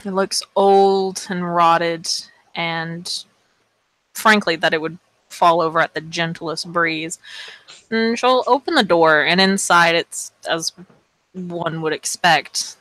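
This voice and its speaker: A woman narrating as game master of a tabletop game, slowly and deliberately describing the scene. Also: lowish voice, fairly even intonation, pushed and bright, no echo, rough recording.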